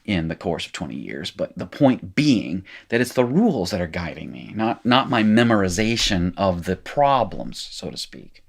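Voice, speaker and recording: Low-voiced rambling male Hebrew teacher. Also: sing-song, moderate pace, gravelly, hardly any pauses, husky. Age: middle-aged. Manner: rambling, self-correcting, talks while writing. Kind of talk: informal recorded lecture, working exercises.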